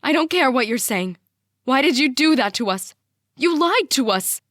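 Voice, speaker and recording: A woman reading the part of a distraught middle-aged mother whose voice rises high and shrill with shock. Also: big pitch swings, normal speed, fairly bright tone, no echo, studio quality. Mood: shrieking. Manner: high-pitched, shrieking, tearful.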